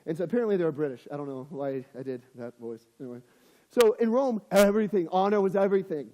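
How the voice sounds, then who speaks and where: A young man preaches casually to teenagers, acting out the people he quotes along the way. His voice sits high for a man and sounds mellow. It carries a long, reverberant tail from the hall. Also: expressive, fast, muffled recording. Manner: conversational, acts out quoted voices. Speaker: youth pastor. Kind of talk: casual youth sermon.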